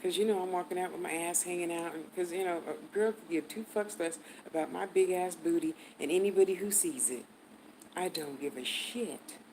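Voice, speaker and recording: A woman's voice: lowish voice, moderate pace, a little hiss or hum, rough recording. A woman in her sixties telling a story bluntly, swearing freely and dropping to mutters for asides. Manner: blunt, cursing, animated storyteller. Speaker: vlogger. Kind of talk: profane storytelling.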